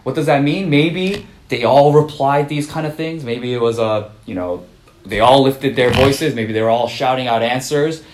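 Male pastor, mid-pitch, casual rambling sermon delivery; roomy reverb, faint noise. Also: normal speed. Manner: conversational, many "uh" fillers and restarts.

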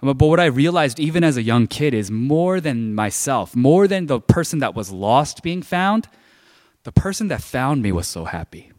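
A pastor's sermon comes across as a conversational personal story, heavy with the filler "like." His voice is medium-pitched, sing-song, a little mellow, and moderately paced. It echoes with a long hall reverb.

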